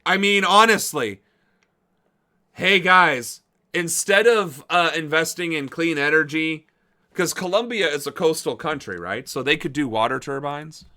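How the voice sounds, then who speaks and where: A man's voice: fairly high pitch, measured pace, sharp tone. A man hosting a political livestream, commenting casually with sarcasm and disbelief and swearing freely.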